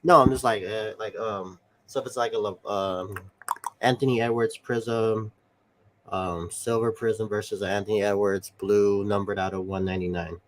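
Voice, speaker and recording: Man, lower voice, co-host, casual, hesitant talker. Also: fairly even intonation, moderate pace, slight background noise. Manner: rambling, hesitant, lots of fillers. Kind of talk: casual live-stream chat.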